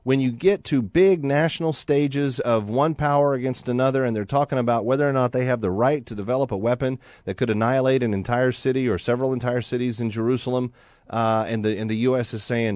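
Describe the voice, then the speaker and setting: An American talk radio host with a medium-pitched, brisk voice delivers an animated, sometimes mocking monologue and acts out other voices. He's on a studio microphone with no echo.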